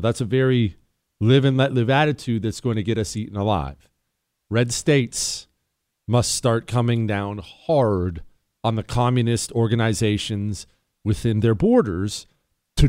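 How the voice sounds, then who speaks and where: A wound-up man hosting late-night call-in radio, firing off his points in quick, impulsive bursts. His voice sits at an ordinary pitch and is close and dry on the mic, with no room sound. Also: a little mellow, no room sound. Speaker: radio talk show host. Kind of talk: call-in talk radio monologue.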